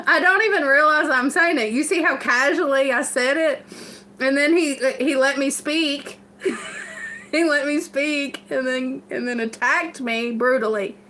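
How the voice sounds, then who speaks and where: A woman's voice: sits high, bright, forceful tone, slight background noise. A woman with a Kentucky accent hosting a farm livestream, chatting casually with viewers, laughing often and rambling through plenty of fillers. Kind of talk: casual live chat answering viewers.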